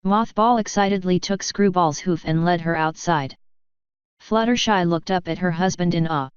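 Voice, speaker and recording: A woman narrates a story in a steady storybook reading with a low, very clear voice. The recording is dry and close. It sounds a little muffled. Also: normal speed, dry recording. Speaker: fanfiction reader.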